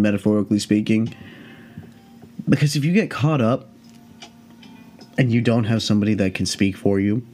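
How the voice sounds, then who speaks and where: A man in his late twenties hosting a podcast, telling a story in a casual, rambling way, profane and animated. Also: on the low side. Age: late 20s. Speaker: podcast host.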